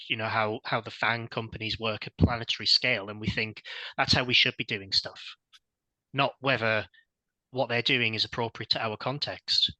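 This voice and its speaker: Male panelist, bright and crisp tone, dry close recording, measured and reflective. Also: medium pitch, no echo, low-quality recording. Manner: measured, reflective, thinks aloud. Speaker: podcast panelist. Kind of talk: casual panel discussion.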